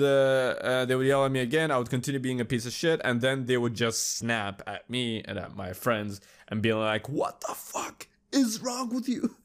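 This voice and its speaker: A young man hosting a podcast, chatting casually in a loose, rambling way with lots of swearing. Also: medium pitch. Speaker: podcast host. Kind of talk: casual solo commentary.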